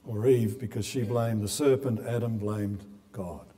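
Man, sermon delivery, earnest, mellow tone, echoing church hall. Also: on the low side, a little slow. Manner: earnest, repeats words when building a point. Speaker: preacher. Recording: long hall reverb.

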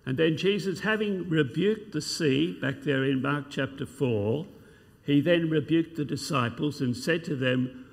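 A man's voice: mid-range voice, gravelly. A man preaching a sermon, asking rhetorical questions and reading scripture passages aloud. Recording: long hall reverb.

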